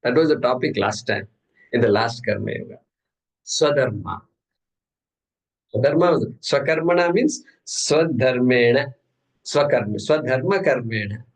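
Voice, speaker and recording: Here a Gita teacher speaks with a mid-range voice and lively intonation, at a normal speed broken by long pauses, on poor audio. His informal class is humorous and chatty, and he tends to raise questions before supplying the answers.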